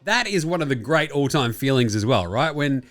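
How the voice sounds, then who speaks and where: Casting: young Australian man, sports podcast host, animated up-and-down delivery, profane and rambling. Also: medium pitch, moderate pace. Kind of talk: casual sports chat.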